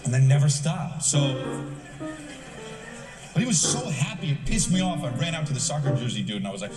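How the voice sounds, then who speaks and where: A man's voice: medium pitch, animated, brisk. A man doing a stand-up routine, telling a profane story animatedly and acting out voices. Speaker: stand-up comedian. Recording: echoey theater from far off with loud music.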